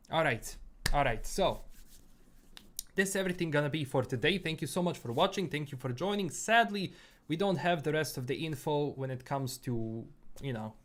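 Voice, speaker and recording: Young male gaming streamer, from Bosnia, accent a blend of British and American with a Bosnian edge; loose, rambling chat to viewers, voice sits a bit high. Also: animated, moderate pace, a bit bright. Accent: Bosnian-tinged English mixed with British and American sounds. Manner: easygoing, rambling, many fillers and repeats. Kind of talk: casual livestream chat answering viewers.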